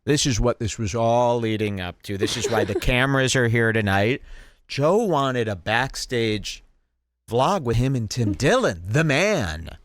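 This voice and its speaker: Animated man mocking clips, dry sound. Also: mid-range voice, measured pace, dry recording. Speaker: podcast host. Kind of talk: commentary over clips.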